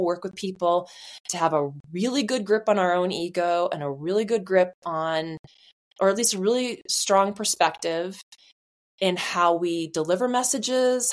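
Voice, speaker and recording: A woman in her forties co-hosting a podcast, talking in a rambling, reflective way with many fillers. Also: lowish voice. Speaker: podcast co-host. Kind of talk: casual conversation.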